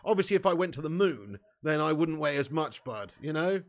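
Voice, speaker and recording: A young man hosting a live football watch-along, bantering with his chat and swearing freely, getting loud when a chance comes. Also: on the high side, lively intonation, a little fast.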